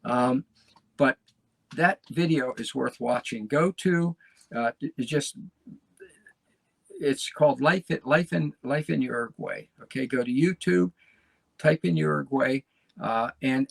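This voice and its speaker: Gravelly, husky-voiced male podcast host. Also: a little high, moderate pace, no echo. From United States. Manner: rambling, restarts phrases, folksy asides to listeners. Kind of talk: casual solo podcast monologue.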